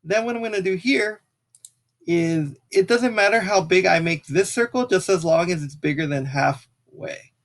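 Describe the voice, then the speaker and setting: A man's voice: high-pitched, moderate pace. Casual man talking through a math tutorial. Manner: casual, talks while clicking, apologizes for slips. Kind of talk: screen-recorded software tutorial.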